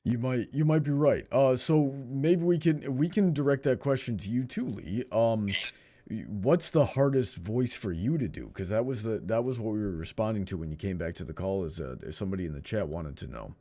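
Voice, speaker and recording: A low-voiced man with a mellow, soft tone talks hesitantly, stopping and restarting his sentences. He is self-deprecating as he co-hosts a casual video call. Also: animated, normal speed. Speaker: co-host.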